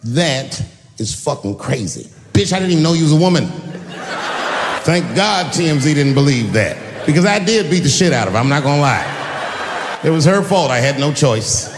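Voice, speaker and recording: A man's voice: fairly high pitch, moderate pace, background noise. Guy doing standup, voice jumps all over, long echoey hall sound. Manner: lively, punchy delivery with acted-out voices. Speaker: stand-up comedian. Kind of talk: stand-up comedy set.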